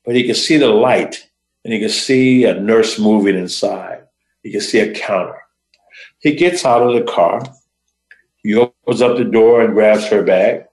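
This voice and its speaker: Lower-voiced man telling a story, roomy echo. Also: a little mellow. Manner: dramatic, deliberate pauses in short phrases. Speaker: host. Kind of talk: motivational storytelling.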